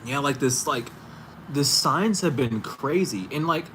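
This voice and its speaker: A man's voice: mid-range voice, lively intonation, unhurried, pushed and bright. A man hosting a casual live stream from home, rambling loosely with profanity and frequent laughs. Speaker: tarot reader streaming live. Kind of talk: casual livestream chat. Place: indoors at home. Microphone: computer or camera mic for a live stream. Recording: noisy home livestream audio.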